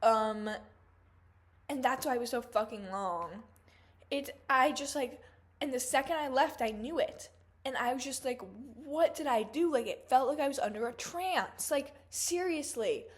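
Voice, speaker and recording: A young woman in her twenties vents through a storytime vlog, her voice sitting a bit high for a woman. She talks casually and swears freely, padding her sentences with "like" and "um." The tone stays chatty and animated throughout. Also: unhurried. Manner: chatty, profane, animated, lots of "like" fillers. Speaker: vlogger.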